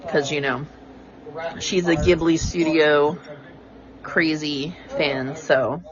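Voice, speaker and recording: A woman's voice: deep voice, fairly even intonation, slow pace, dull audio, a crowd in the background. A woman co-hosting a casual podcast, telling rambling stories and laughing often. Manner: rambling storyteller, laughs easily. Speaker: podcast co-host. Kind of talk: casual chat.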